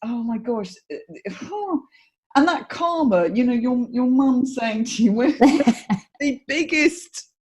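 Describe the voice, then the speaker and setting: A middle-aged woman hosting a podcast in a loose, chatty way. Her voice sits a little high, and she stops and restarts her sentences with plenty of fillers. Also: expressive, takes it slowly, darkish tone, slight background noise. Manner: chatty, many fillers and restarts, laughs often. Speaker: podcast host. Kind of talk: casual interview chat.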